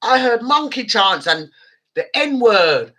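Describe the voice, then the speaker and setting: A woman's voice: a little high, very animated, slow, pushed and bright. A woman hosting a radio show, speaking passionately and heatedly. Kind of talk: impassioned show chat.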